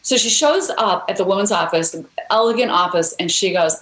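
A woman's voice: mid-range voice, expressive, a little fast, hardly any pauses, fairly bright tone, echoey room, rough recording. A woman guest author telling a story in a podcast interview, earnest and encouraging.

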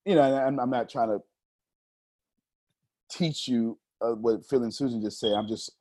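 A man, a professional speaker explaining his techniques to a group, talking deliberately with intentional pauses. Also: mid-range voice, steady tone, darkish tone.

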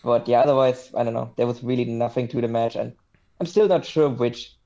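Mellow-voiced man rambling on lo-fi audio. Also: medium pitch, fairly even intonation, brisk. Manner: rambling, many fillers, sardonic. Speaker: podcast guest. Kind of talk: casual podcast chat.

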